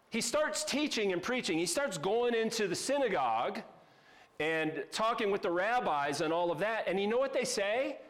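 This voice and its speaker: A man preaching a sermon as pastor, conversational and emphatic, with casual asides. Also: sits high.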